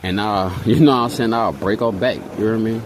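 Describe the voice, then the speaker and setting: A man's voice: on the low side, brisk, a little hiss or hum. A young man from Hawaii telling rambling, profane, slangy stories in a casual vlog, constantly checking in with his listeners. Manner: rambling, slangy, profane, keeps checking in with "you know what I'm saying". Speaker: vlogger. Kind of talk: casual storytelling monologue.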